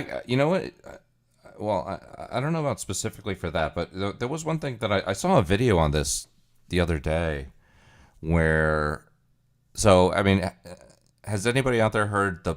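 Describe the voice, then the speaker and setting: A man's voice: low-pitched, lively intonation, moderate pace. A man hosting a livestream, chatting casually and thinking aloud in a rambling, musing way. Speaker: livestream host.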